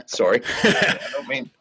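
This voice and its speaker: An older man giving an interview, fiery and profane, swinging from low mutters to shouted pleas. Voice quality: gravelly and husky. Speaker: guest. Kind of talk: impassioned interview rant. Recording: dull lo-fi call audio.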